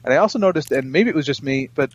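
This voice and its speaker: A man co-hosting a podcast, talking about films in a relaxed, measured way with hesitant fillers. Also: fairly high pitch, slight background noise. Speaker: podcast co-host. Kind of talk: casual film chat. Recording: dull lo-fi sound.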